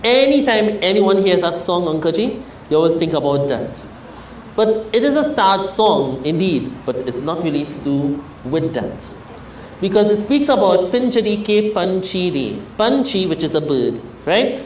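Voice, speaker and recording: A man's voice: high-pitched, big pitch swings, normal speed, slight background noise, rough recording. A man with a Trinidadian accent speaking at a funeral service, telling a parable and often addressing his listeners as his dear friends. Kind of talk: storytelling sermon at a Hindu funeral.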